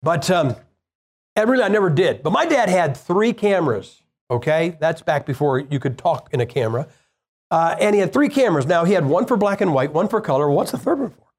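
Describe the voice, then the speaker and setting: A man's voice: on the high side, animated, brisk. A man preaching a sermon, telling a personal story in a plain-spoken, conversational way and firing rhetorical questions at the congregation.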